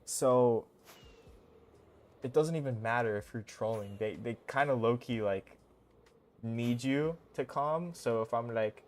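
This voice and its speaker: A man's voice: mid-range voice, measured pace, long pauses. Goofy young man streaming a game. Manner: goofy, excitable, slangy, rambling. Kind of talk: casual live-stream commentary.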